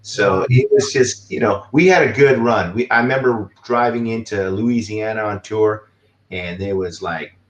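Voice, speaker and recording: A man's voice: on the low side, normal speed, reverberant, lo-fi sound. A man who is a guest musician, chatting casually in an interview over a video call, rambling with lots of fillers.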